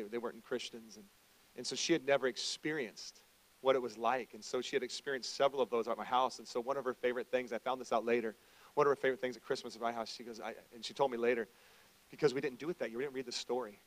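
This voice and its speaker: A pastor preaching a conversational sermon, dropping into quiet reflection and rising into loud, emphatic preaching. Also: male voice, medium pitch, no room sound, low-quality recording.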